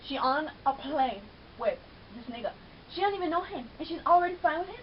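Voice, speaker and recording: A young woman watching a TV show and reacting loudly, profane and brash, shouting at the screen. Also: high-pitched, expressive, a little fast. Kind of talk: loud casual reaction commentary. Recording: dull lo-fi webcam audio with faint hiss.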